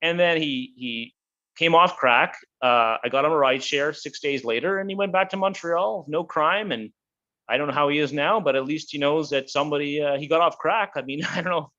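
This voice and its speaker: A man's voice: a little high, moderate pace, bright, forceful tone, muffled recording. A man from Canada, a guest in an interview, talking casually and animatedly with many restarts. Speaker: guest, housing builder.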